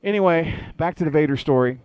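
A man's voice: fairly high pitch, fast talker, clear, resonant tone, no room sound, dull audio. A man hosting a wrestling radio show, ranting with lots of swearing in a casual chat. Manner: profane, ranting storyteller.

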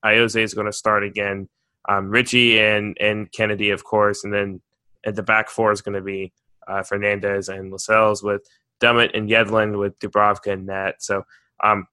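Bright-voiced man in dry sports banter. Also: lowish voice, smooth, no room sound. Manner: hesitant, restarts often. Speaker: podcast co-host. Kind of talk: casual sports chat.

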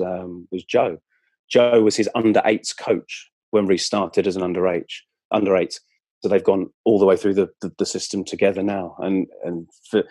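Deep-voiced man telling stories. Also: breathy edge, no room sound. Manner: warm storyteller, frequent fillers and restarts. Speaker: club media presenter, guest. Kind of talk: casual anecdotal chat.

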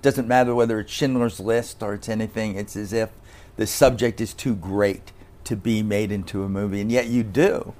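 A man hosting a podcast interview, asking questions in a relaxed, conversational way. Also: fairly low pitch, moderate pace. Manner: conversational, asks questions in a chatty way. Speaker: podcast host and film critic.

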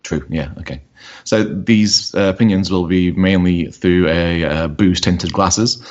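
A man hosting a casual podcast, relaxed and halting, with plenty of ums. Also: low voice, dull audio. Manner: relaxed, hesitant with many ums. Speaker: podcast host.

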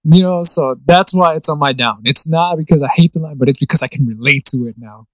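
A man's voice: fairly high pitch, a little fast, no echo, low-quality recording. A young man co-hosting a podcast in casual chat, swearing freely and laughing through the movie lines he quotes. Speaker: podcast co-host.

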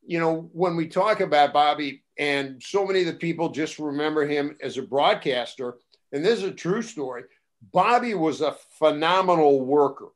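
An older man, a former wrestling broadcaster, telling casual stories on a talk show and acting out the voices of the people he quotes. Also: moderate pace. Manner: animated, acts out quoted voices with rising pitch and loudness. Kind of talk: casual anecdotal storytelling.

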